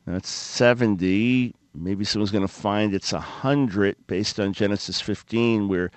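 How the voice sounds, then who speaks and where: A man's voice: fairly low pitch, dry recording. Dry-voiced man hosting call-in radio. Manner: sarcastic, animated commentary. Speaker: radio talk show host.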